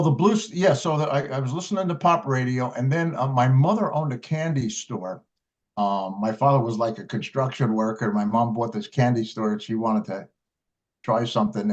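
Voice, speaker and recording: An older man with a mid-range, somewhat dark voice, a blues harmonica player, reminisces about his early years in an informal interview. He drifts through his stories, often restarting and using fillers, and the recording quality is dull and lo-fi.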